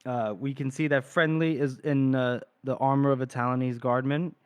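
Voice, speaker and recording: A man co-hosting a book podcast, retelling scenes in a casual, animated way with lots of filler. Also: medium pitch, smooth, dry recording. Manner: animated retelling with filler ums and quick quoted asides. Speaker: podcast co-host.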